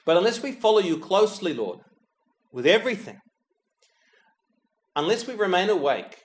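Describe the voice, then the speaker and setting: A man leads a meditative homily, praying aloud as he reflects. His voice sits a little high for a man and stays measured and unhurried, sinking to a near-whisper each time he says the holy name. Now and then a dry touch of humor slips in. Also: very animated. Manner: addresses Jesus directly, softening to a hush on the name.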